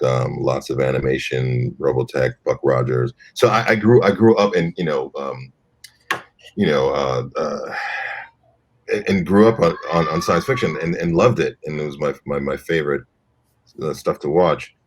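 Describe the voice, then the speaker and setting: Man, very deep voice, actor on a panel, halting, searching for words. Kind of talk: panel discussion.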